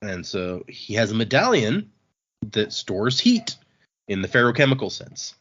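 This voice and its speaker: A man's voice: on the low side, big pitch swings, a little slow, a bit bright, slightly rough, highs cut off. A man hosting a podcast, casually recapping book chapters in a rambling way and paraphrasing characters with a chuckle. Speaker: podcast host.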